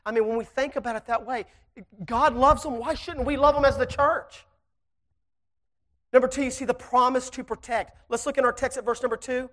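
A man's voice: very high-pitched, fairly even intonation, fairly quick. Storytelling preacher man. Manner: storytelling, rising to loud emphatic preaching. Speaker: guest preacher. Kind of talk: sermon.

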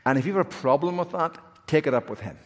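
A man's voice: a little high, expressive, fast, pitched above the performer's own voice. A man voicing a blunt, matter-of-fact dying male thief, speaking plainly in a reverberant hall.

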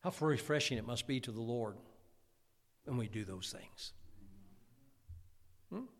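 A man preaching a sermon in a folksy, animated way, acting out quotes from his congregation. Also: medium pitch, a little slow, gravelly. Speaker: pastor. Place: church sanctuary. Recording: long church reverb.

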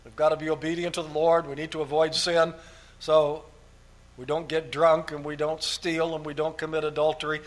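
A man's voice: a little high, little pitch movement, normal speed. A man preaching a sermon, laying out numbered points and repeating key phrases for emphasis. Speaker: pastor.

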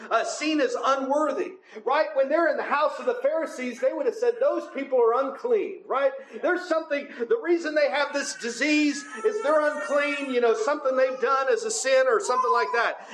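High-pitched male preacher, conversational sermon delivery. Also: a bit bright, roomy sound, poor audio. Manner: conversational, often asks the congregation "right?".

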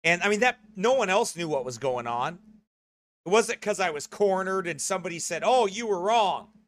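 A man's voice: sits high, expressive, fairly quick, a bit bright, no echo. A man preaching a sermon in a conversational, earnest way, often correcting himself.

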